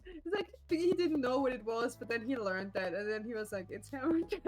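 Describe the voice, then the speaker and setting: A woman's voice: a little high, normal speed, poor audio. Laughing, swearing woman streamer at home. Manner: laughs often, animated storytelling, swears freely. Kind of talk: casual stream chat.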